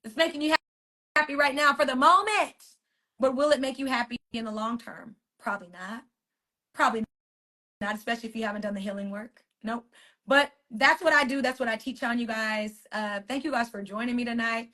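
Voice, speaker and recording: On her weekly phone live stream, a casual motivational one, an author and wellness coach talks a little fast in a fairly high, bright, forceful voice. She repeats phrases with emphasis and chats with the people watching.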